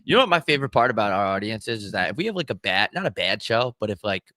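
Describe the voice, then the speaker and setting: A man's voice: lowish voice, sing-song, very fast, pushed and bright, dry recording. A young man co-hosting a podcast in a chatty, rambling, laid-back casual chat on a studio microphone. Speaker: podcast co-host.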